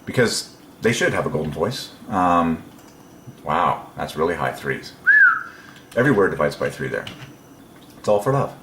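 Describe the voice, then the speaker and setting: A low-pitched man talks through a casual, one-man preaching monologue, wandering between thoughts with frequent ums and soft chuckles to himself. His voice bounces around an echoey room. A faint hiss of noise sits underneath. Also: big pitch swings, normal speed, pauses often. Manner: rambling and musing, many ums, chuckles to himself. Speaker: religious video presenter.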